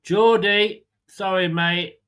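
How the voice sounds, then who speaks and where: A man's voice: high voice, steady tone, takes it slowly, bright, forceful tone, clean tone. A man hosting a live football watchalong, blunt and sweary, sarcastic and exasperated as he reacts to the match and teases his chat. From England. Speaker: fan channel watchalong host.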